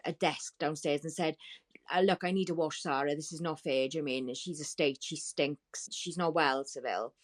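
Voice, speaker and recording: Woman with a low voice telling a rough story, stops and restarts a lot, sounds shaken. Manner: halting, distressed retelling with many restarts. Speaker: podcast guest. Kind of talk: emotional storytelling.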